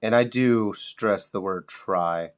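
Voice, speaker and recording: A middle-aged man talks in a loose, rambling way while he paints miniatures. His voice sits a little low, and he swears freely and pokes fun at himself in an easygoing, unhurried manner. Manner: laid-back, swears freely, self-mocking humor. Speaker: miniature painting channel host.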